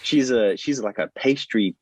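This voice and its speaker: A man's voice: medium pitch, lively intonation, moderate pace, breathy edge, no room sound. A man on a podcast casually retelling a plot idea, rambling with many restarts and fillers. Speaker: podcast host pitching a show plot. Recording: dull, lo-fi and dry.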